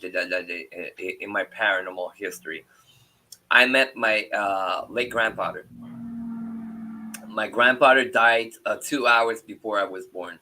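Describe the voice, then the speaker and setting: A middle-aged man hosting a paranormal chat, telling a personal story in a halting way with many restarts. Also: on the low side, bright, forceful tone, low-quality recording. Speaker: paranormal show host. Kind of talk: casual storytelling.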